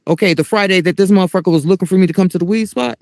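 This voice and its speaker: A middle-aged woman hosting a podcast, telling a story in a blunt, animated, casual way with big swings in her voice. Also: lowish voice, racing, no room sound. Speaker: podcast host.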